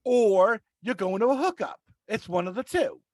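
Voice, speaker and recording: A man's voice: sits high, lively intonation, normal speed, darkish tone, dry recording. A man casually telling rambling stories on a podcast, often restarting his sentences. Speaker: podcast regular, rideshare driver. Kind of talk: casual storytelling.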